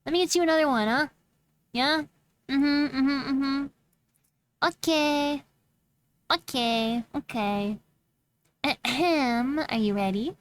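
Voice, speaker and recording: A woman's voice: sits high, slow pace, long pauses. A woman streamer chatting casually on a live stream, playful and giggly, with mock-dramatic complaints.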